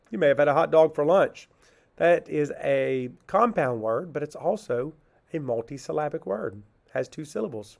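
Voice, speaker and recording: Patient man teaching phonics, gravelly voice. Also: on the high side, animated, a little mellow. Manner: slow, patient, asks questions and answers them himself; sounds words out syllable by syllable. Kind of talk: phonics lesson for children.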